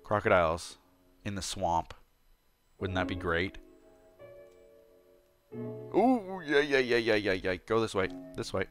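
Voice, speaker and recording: A man giving casual let's-play commentary as a gameplay host, playful, chatty and easily excited. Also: low-pitched, normal speed, faint music behind.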